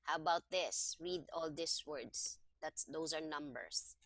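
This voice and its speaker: Bright-voiced woman tutoring one-on-one. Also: low-pitched, measured pace. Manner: patient, explains step by step. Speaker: Tagalog tutor. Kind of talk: one-on-one language lesson.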